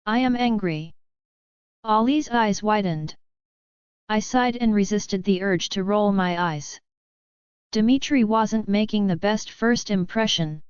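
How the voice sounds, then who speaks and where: A woman reading a romance audiobook in steady first-person narration. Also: medium pitch, measured pace, clear, resonant tone, no echo, highs cut off.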